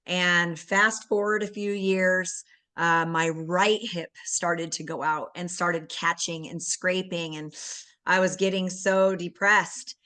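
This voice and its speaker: Woman, bright voice, earnest, emotional, personal testimonial, video call. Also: lowish voice, fairly even intonation, takes it slowly. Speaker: guest giving a testimonial.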